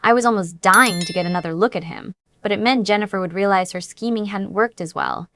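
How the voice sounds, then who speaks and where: A woman's voice: mid-range voice, a little fast, fairly bright tone, slight background noise. A woman reading a first-person romance story aloud in an earnest, dramatic storytelling manner. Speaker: audiobook narrator.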